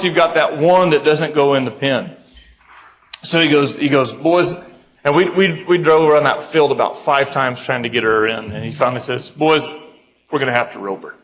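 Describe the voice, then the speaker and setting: A young man from the United States speaking at a conference, telling a funny farm story with lively, acted-out voices for his family. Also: a little high, poor audio. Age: young adult. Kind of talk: humorous storytelling to an audience.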